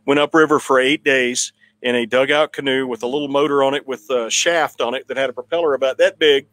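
A man's voice: medium pitch, fairly even intonation, fairly quick, fairly bright tone. A man telling a long personal story at a town hall, rambling with restarts and chuckling now and then. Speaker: political candidate telling a story.

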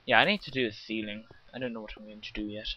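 A man's voice: on the low side, fairly even intonation, fast talker. A British man giving casual, rambling commentary on his game, chatting to viewers and joking at his own expense. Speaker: let's play gamer. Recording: slightly muffled with faint hiss.

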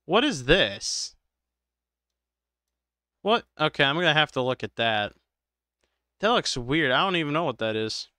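A man live-streaming a game, chatting casually with viewers in a slow, drowsy, rambling way because he is tired. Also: on the high side, animated, bright, forceful tone, smooth, dry recording, clean studio sound. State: tired, medicated.

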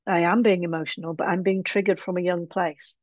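A woman with a lowish voice answers frankly and thinks aloud as she talks. The sound is dry and a little dull, like a lo-fi remote recording. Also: fairly even intonation, brisk, no echo. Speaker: interview guest. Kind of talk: casual conversational interview.

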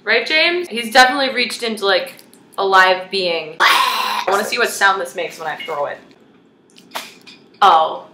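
Young american woman goofing around cooking, bright voice, roomy kitchen with a little hiss. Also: mid-range voice, expressive. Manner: sarcastic, playful, quick to joke. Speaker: home cook among friends. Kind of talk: joking casual chat while cooking. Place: home kitchen.

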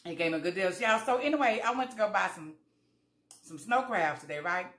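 This eating vlog features a woman with a mid-range, fairly bright voice who speaks briskly and expressively. Chatting casually to viewers in an echoey room, she tells folksy stories and acts out both sides of exchanges.

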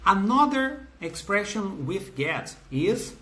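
A man's voice: sits high, big pitch swings, slow, bright, forceful tone. A man in his fifties from Brazil with a Brazilian Portuguese accent, teaching a live online English class, greeting viewers by name and reading out their comments, with frequent fillers and restarts.

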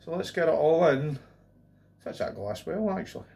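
A man with a fairly high-pitched voice chats his way through a beer review. He rambles and drifts into jokey asides between sips. His delivery stays loose and unpolished. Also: sing-song, normal speed, vocal fry, mellow. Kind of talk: casual beer review vlog.

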